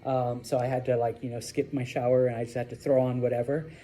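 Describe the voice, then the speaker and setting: A man teaching a Spanish class, lecturing in a lively way and often checking in with "okay?". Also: mid-range voice, quick pace, a little hiss or hum. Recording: echoey classroom from far off.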